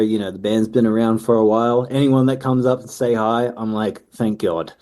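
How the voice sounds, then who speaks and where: A man's voice: medium pitch, steady tone, moderate pace, few pauses, warm tone. A man in his thirties, a musician answering interview questions in an easygoing way with frequent ums. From Australia. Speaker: musician guest.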